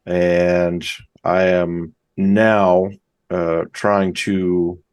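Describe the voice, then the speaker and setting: A man introducing his tabletop game character, speaking hesitantly with many pauses. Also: sits low, little pitch movement, a little mellow, clean tone, no echo, muffled recording. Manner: hesitant, halting.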